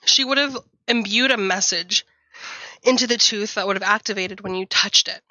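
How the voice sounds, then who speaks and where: A woman's voice: medium pitch, moderate pace, pushed and bright, no room sound, muffled recording. A woman player speaking for her character in a tabletop role-playing game, in a courteous, in-character way.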